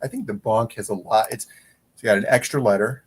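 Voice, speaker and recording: A man co-hosting a casual comics livestream, talking in a relaxed, rambling way with deadpan jokes. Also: on the low side, a little fast, slightly rough, poor audio. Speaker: co-host.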